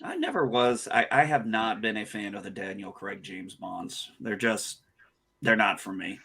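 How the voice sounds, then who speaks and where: A man's voice: fairly low pitch, lively intonation, normal speed, vocal fry, pushed and bright, slightly rough. A man chatting as a guest on a live stream, hesitant and repeating words as he talks. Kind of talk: casual chat.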